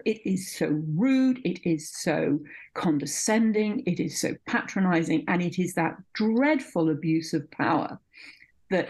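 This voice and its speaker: A woman's voice: lowish voice, lively intonation, takes it slowly, a little mellow, slightly rough. A middle-aged woman who teaches midwifery, speaking in an interview with passion and emphatic repetition. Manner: passionate, emphatic, repeats words when stressing a point. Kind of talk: conversational interview.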